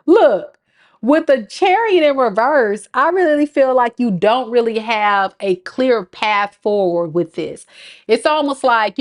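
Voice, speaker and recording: A woman's voice: on the high side, animated, a little slow. A woman giving a casual tarot reading to her viewers. She talks to them directly in a chatty, playful way and often laughs at her own jokes. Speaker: tarot reader.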